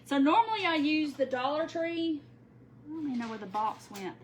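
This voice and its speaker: A woman's voice: high voice, lively intonation, normal speed, a little hiss or hum, poor audio. A woman hosting a casual craft livestream, chatting and laughing with viewers by name while she works. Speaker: craft tutorial host.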